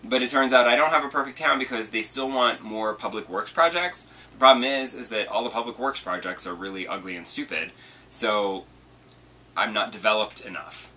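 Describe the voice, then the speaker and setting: A man hosting a video podcast, telling a story in a chatty, animated way. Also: lowish voice, normal speed, distant mic. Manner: chatty and animated, acts out quotes. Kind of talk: casual storytelling vlog.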